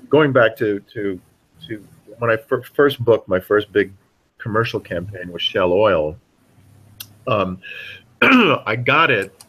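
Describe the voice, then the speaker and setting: A middle-aged man, a voice actor guest on a podcast, telling animated stories with a lot of halting restarts. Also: lowish voice. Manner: animated storyteller with many restarts. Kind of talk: casual podcast interview.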